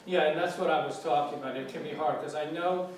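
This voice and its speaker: A man from New York City speaks to a class in an easy, chatty way, stopping often to restart his thoughts. His voice sits slightly high. It comes from a distance in a very echoey room with a faint hiss underneath. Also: fast. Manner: relaxed, chatty, many fillers and restarts. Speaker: guest lecturer on English. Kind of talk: informal classroom talk. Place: university lecture room.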